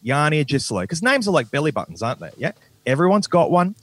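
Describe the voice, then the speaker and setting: A man's voice: on the high side, sing-song, fast talker, a bit bright. A man, doing a self-mocking stand-up comedy set with a dry delivery. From Australia.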